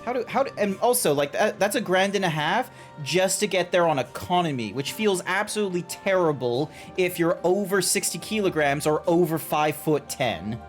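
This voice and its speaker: A man's voice: high-pitched, lively intonation, moderate pace, hardly any pauses, soft background music. A young Australian man chatting casually while streaming a game, rambling with restarts and frequent swearing.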